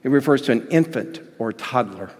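Guy pastor preaching, goes quiet then loud, echoey hall sound. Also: medium pitch, expressive, brisk. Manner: dynamic preaching, swinging from hushed to loud. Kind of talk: sermon. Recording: hall reverb.

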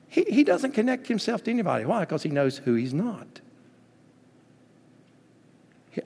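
A man's voice: sits high, big pitch swings, moderate pace, vocal fry, pauses often, a little mellow, slightly rough, big-room sound. A man preaching a sermon as pastor, telling stories with emphasis and acting out the quotes he cites.

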